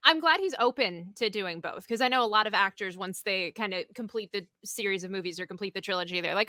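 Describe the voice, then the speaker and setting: Woman co-host chatting about movies, bright voice, rapid. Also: mid-range voice, no echo. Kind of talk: casual chat.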